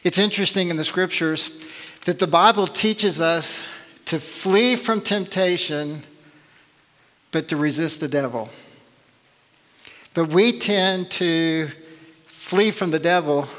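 A man's voice: fairly high pitch, slow pace, long pauses, a bit bright. A man preaching a sermon as pastor, emphatic and full of rhetorical questions. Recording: long reverb of a large hall.

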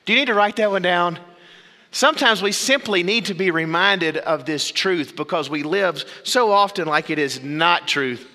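A man preaching a sermon as pastor, with dramatic pauses and sudden drops to low, quiet phrases. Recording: long reverb of a big hall.

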